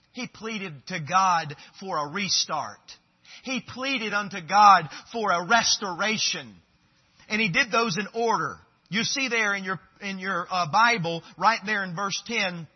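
Man, pastor, husky voice, folksy sermon with fervent swells, muffled lo-fi recording. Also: on the high side. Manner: folksy, conversational preaching that swells into fervent exhortation. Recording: dull lo-fi recording.

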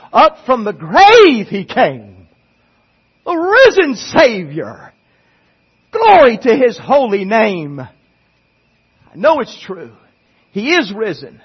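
High-voiced husky man preaching, goes quiet then fired up and begging, kinda muffled recording. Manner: pleading, swings from quiet to impassioned. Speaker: pastor. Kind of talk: sermon.

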